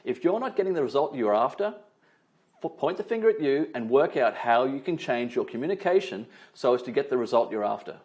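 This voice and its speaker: A man trainer giving a lively online webinar, leaning on emphasis and tag questions like "right?", speaking over a video call. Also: medium pitch, a little fast.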